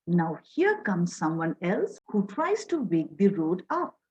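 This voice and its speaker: A female teacher with an Indian English accent slowly guides children through a story lesson, her pitch very lively. Her voice is slightly husky, and the audio is dull and lo-fi.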